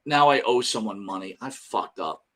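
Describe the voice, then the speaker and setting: A man's voice: on the low side, animated, moderate pace, fairly bright tone. Profane rambling older New man. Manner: rambling and profane, reading out chat names. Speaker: podcast co-host. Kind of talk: casual live-stream chat.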